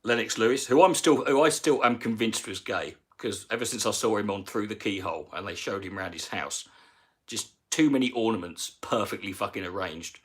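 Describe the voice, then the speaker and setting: A man's voice: on the low side, fairly quick, fairly bright tone, slightly rough. A man, a comedian, ranting casually on a live stream with rambling, profane talk and many restarts.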